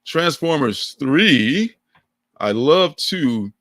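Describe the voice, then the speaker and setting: An older man co-hosting a livestream, chatting in a rambling, animated way and laughing often. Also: on the high side, extremely slow, no room sound, clean studio sound. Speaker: livestream co-host. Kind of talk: casual chat.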